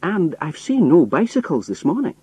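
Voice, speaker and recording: A man's voice: on the high side, huge pitch swings, normal speed, darkish tone, breathy edge, dry recording, voice pushed up, exaggerated voice, poor audio. A man putting on a folksy Scottish workman. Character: disguised man faking a Scottish roadman.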